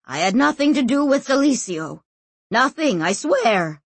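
An older male scholar talks quietly and pointedly, weighing each word, as a woman narrator puts him on. The slow reading has a husky, dry closeness. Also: high voice, very animated, no echo, pitched above the performer's own voice, full character voice. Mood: grave. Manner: clipped, quiet and probing. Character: sharp-tongued older male scholar, shaken.

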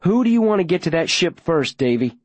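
A man's voice: fairly high pitch, very animated, fairly quick, no echo, pitched above the performer's own voice. A man voicing a defiant teenage boy who presses with urgent questions. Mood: pressing. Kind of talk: audiobook character voice.

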